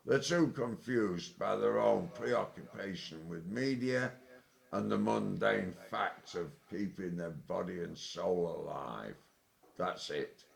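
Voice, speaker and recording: A tipsy man delivering an angry, sweary, rambling monologue, with sudden loud outbursts. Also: low voice, takes it slowly, creaky. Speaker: vlogger. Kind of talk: ranting monologue.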